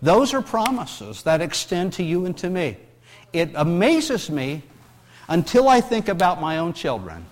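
Here a middle-aged man preaches a sermon in a high, sing-song voice at a measured pace, with a big-room sound. He keeps repeating words and starting phrases over, alternating quiet tenderness with emphatic, raised scripture reading.

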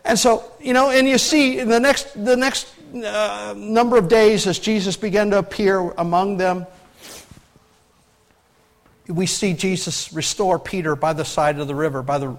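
A high-pitched man preaching from the pulpit in a relaxed, folksy way. He tells the story loosely and keeps turning to the congregation with rhetorical questions. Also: moderate pace. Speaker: pastor. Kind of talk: conversational sermon.

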